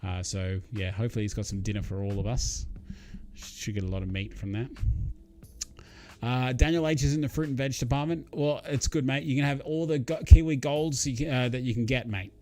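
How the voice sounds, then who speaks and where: A man's voice: medium pitch, steady tone, a little fast, warm tone. Chatty man streaming live. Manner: rambling and chatty, reading out viewer comments, with many fillers. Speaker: livestream host. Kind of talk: casual live-stream chat.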